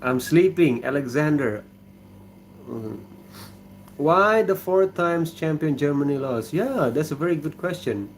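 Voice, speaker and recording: A man from Indonesia with an Indonesian accent, hosting a casual livestream from his kitchen, talking in a relaxed, halting way and reading viewer comments aloud. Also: a little high, slight background noise. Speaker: livestream host.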